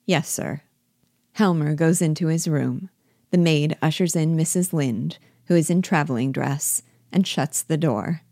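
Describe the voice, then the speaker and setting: A woman reading a play aloud as audiobook reader, speaking the stage directions in an even, measured way. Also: sits low, no room sound, clean studio sound.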